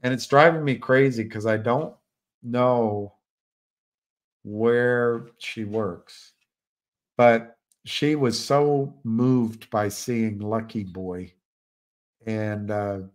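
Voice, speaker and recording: Speaking extremely slowly in a steady, medium-pitched voice, an older livestream host rambles casually, musing aloud and restarting often.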